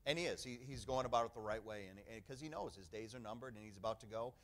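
A man's voice: fairly low pitch, fast talker, fairly bright tone. A middle-aged man preaching a sermon as pastor, emphatic and conversational, often calling for an "amen" from the congregation.

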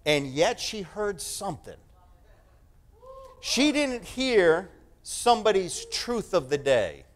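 High-voiced preacher man, really lively swings up and down, punchy repeats. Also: takes it slowly. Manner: animated, emphatic, repeating phrases. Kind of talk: sermon.

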